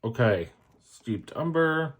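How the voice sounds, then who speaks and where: While swatching fountain pen inks, a man who's an adult and a parent chats easily with viewers, joking, poking fun at himself and adding chatty asides. He speaks slowly in a mid-range voice with lively intonation.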